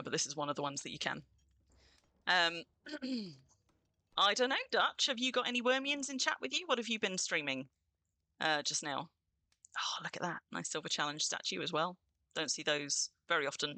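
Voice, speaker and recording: A woman's voice: low-pitched, animated, a little fast, pushed and bright, no room sound. A woman hosting a game livestream, chatting in a bubbly way and greeting her viewers. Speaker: streamer hosting a game stream. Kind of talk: casual livestream chat.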